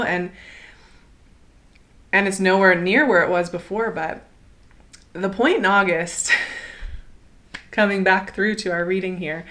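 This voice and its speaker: A woman giving a casual, encouraging tarot reading, chatty and enthusiastic, often laughing and asking "right?". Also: medium pitch. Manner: chatty, warm and encouraging, many "like" and "right?" fillers. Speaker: tarot reader.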